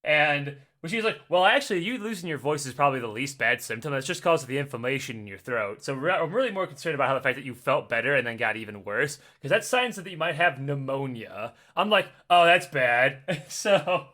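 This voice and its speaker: A man in his thirties telling a long story in casual podcast chat, swearing and laughing as he goes, his voice still hoarse and cracking. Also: mid-range voice, lively intonation, a little fast, few pauses, sharp tone. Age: 30s. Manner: rambling storyteller, laughs often, swears freely. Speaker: podcast co-host.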